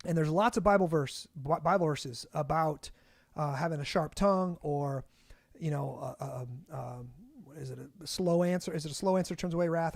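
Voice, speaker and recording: A man's voice: a little high, gravelly, no echo. A young man co-hosting a casual podcast, talking in a rambling way with many restarts and fillers. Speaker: podcast co-host.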